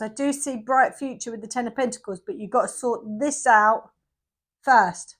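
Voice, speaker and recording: Speaking at a normal speed in a fairly high-pitched voice, a middle-aged woman does a relaxed tarot reading. She chats away emphatically, says things again and again for effect, and livens up in energetic bursts.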